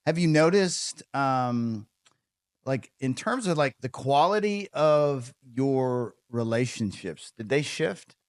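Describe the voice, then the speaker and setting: A man's voice: medium pitch, expressive, slow, dry recording, studio quality. Rambling male podcast host. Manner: rambling, many fillers, thinking aloud. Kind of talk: casual conversation.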